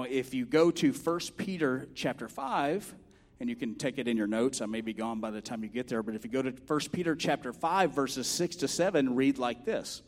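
A middle-aged man preaching a sermon as pastor, chatty and often asking "right?", rising to loud, impassioned preaching. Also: medium pitch, in a large hall.

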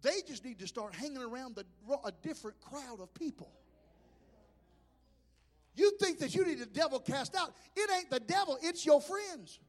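A male preacher delivers his sermon in a folksy, impassioned style, working humor into the message. His voice sits unusually high for a man. It rings out with the long reverb of a church hall. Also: expressive, moderate pace.

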